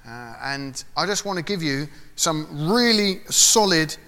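A man's voice: on the high side, lively intonation, unhurried, pushed and bright, in a large hall. A man preaching an informal sermon, talking conversationally and acting out short voices and prayers.

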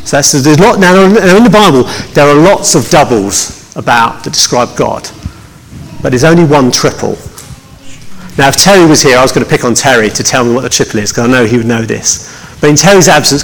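A man preaching a conversational sermon as pastor, joking with his congregation and often restarting his sentences. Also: fairly high pitch. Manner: chatty, joking, with many restarts. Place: church hall. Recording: long hall reverb.

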